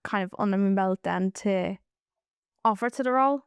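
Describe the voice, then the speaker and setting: A woman's voice: medium pitch, moderate pace, clear, resonant tone, no room sound. A young woman, chatting loosely about her work and plans and leaning on lots of "like". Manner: chatty, loose storytelling full of "like". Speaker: interviewee, staff member. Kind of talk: casual conversation.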